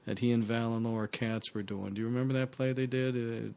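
Man, gravelly, animated storyteller for a casual chat. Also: mid-range voice, fairly quick. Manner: animated storyteller, laughs mid-sentence. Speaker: actor guest. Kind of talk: casual anecdote telling.

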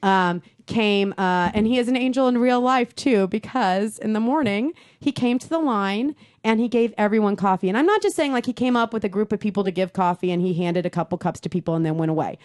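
A young woman co-hosting a podcast, telling stories in an excitable, animated way. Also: medium pitch, brisk, hardly any pauses, no room sound, clean studio sound. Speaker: podcast co-host. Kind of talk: casual chat. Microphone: close studio mic with headphones.

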